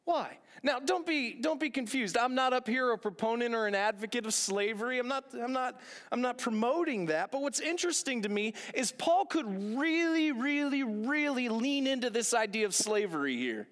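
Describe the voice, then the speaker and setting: A man's voice: very high voice, expressive, normal speed, few pauses, fairly bright tone. A man preaching a sermon as a pastor, earnest, repeating phrases for emphasis and asking rhetorical questions. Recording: long echoing hall reverb.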